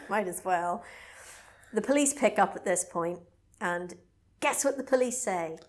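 A woman's voice: mid-range voice, takes it slowly. A woman, casually retelling a film plot on a podcast and swearing freely. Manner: animated storyteller, swearing and bursting into mock voices. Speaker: podcast co-host.

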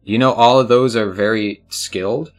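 A man's voice: fairly low pitch, steady tone, moderate pace, soft background music. A man narrating as game master of a tabletop game, talking casually to the players with lots of fillers.

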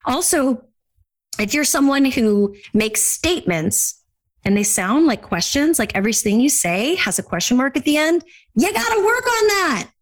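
A woman hosts a live question-and-answer session as a podcaster and speaking coach. Her voice sits a little high, and her delivery is upbeat, blunt and jokey, with a casual swear here and there. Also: lively intonation, normal speed. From Orange County, California. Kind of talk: lively live Q&A chat.

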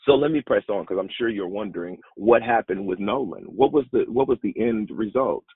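A man preaches a sermon and tells a personal story, animated, his pitch leaping upward for emphasis. He talks fairly quickly in a slightly rough voice, recorded on a phone with narrow, tinny audio and no echo.

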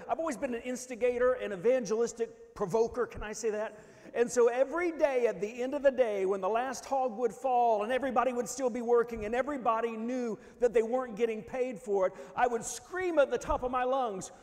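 High-voiced preacher in a reverberant hall. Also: male voice. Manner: swings from hushed to shouting, restarts often. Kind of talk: sermon testimony. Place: church hall. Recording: long reverb of a church hall.

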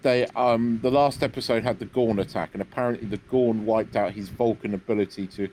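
A man's voice: on the low side, fairly even intonation, brisk, darkish tone. A man co-hosting a podcast, explaining hesitantly with many restarts in casual chat. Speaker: podcast co-host. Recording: faint background noise.

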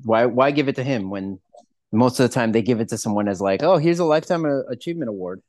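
A man's voice: medium pitch, lively intonation, fast, a little mellow, dry recording, clean studio sound. Rambling, swearing man on a podcast. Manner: rambling, swears a lot, many restarts. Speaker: podcast co-host. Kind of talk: casual chat.

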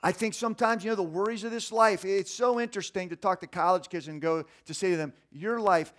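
Male pastor, sermon, high voice, animated, acts out quotes. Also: fast talker.

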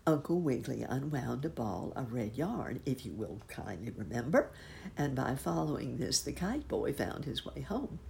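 A woman narrating a children's storybook in an expressive, lively reading. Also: rumbling low, normal speed, gravelly, slight background noise.

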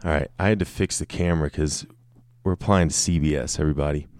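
A man in his thirties from Colorado talks through a solo podcast in a very low voice. He rambles, mocks himself and swears freely. The sound is close and dry, with no room echo. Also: fairly even intonation, fast talker, a little mellow. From Colorado, United States. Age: 30s. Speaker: podcast host. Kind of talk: casual solo podcast monologue. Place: room with a camera and light set up.

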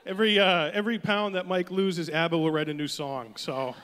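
A man's voice: fairly high pitch, fairly even intonation, fairly quick, a bit bright, clear, resonant tone. A man in his thirties telling a story as a stand-up comic, loose and conversational. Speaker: stand-up comedian. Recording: long hall reverb.

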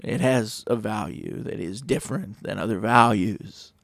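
A gravelly man with a lowish voice talks a little slowly in a loose, rambling casual monologue, swearing freely and peppering the listener with rhetorical questions. The sound is close and dry, without any room echo.

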